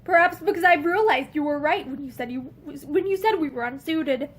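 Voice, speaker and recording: A woman's voice: high-pitched, brisk, close to an everyday voice. A woman voicing a proud, angry young man who speaks curtly. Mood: bitter. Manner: brusque, forceful.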